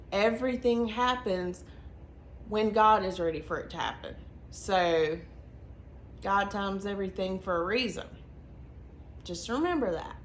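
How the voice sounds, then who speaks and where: Chatty Southern woman vlogging. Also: medium pitch. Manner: chatty, earnest, quick bursts between slow emphatic phrases. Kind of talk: casual storytelling to camera. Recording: echoey room with faint ambient noise.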